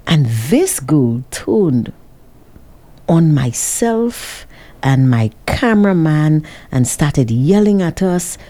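Low-voiced woman telling a dramatic story. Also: takes it slowly. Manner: dramatic, animated retelling. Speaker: vlogger working with a cameraman. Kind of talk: casual storytelling to viewers.

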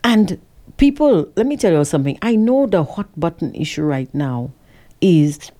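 A woman co-hosts a casual talk show. Her voice sits low and mellow, and she retells stories with rising emphasis. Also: normal speed. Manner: animated storyteller, retells quotes with rising emphasis. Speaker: co-host.

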